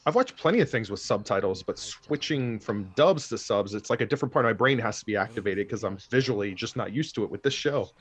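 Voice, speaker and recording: An anime reaction host with a lowish, slightly breathy voice talks fast and animatedly, hardly pausing. He thinks aloud and laughs a lot while reacting casually to a show he's seeing for the first time.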